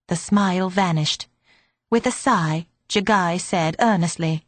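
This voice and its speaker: A woman narrating an audiobook in a steady, measured reading. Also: on the low side, dry recording. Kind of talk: scripted narration.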